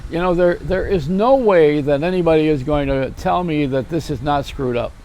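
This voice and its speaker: A man's voice: a little high, moderate pace, darkish tone, a little hiss or hum. An older man hosting a rambling, self-mocking comedy monologue, chuckling at his own jokes. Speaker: host.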